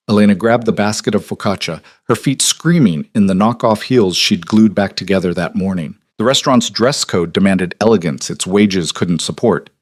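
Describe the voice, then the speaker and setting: Male narrator, measured dramatic read, low pitch. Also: no room sound, clean studio sound. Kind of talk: scripted story narration.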